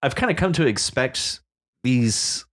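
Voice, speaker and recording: A man's voice: medium pitch, lively intonation, a little slow. A man co-hosting a podcast, musing casually about a story with plenty of fillers and restarts. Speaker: podcast co-host discussing a story. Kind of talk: casual book-club chat.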